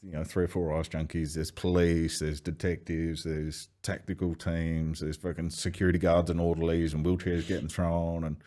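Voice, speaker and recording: A man, telling swearing, animated anecdotes as a podcast guest. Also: low voice, normal speed, hardly any pauses. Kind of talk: casual storytelling chat.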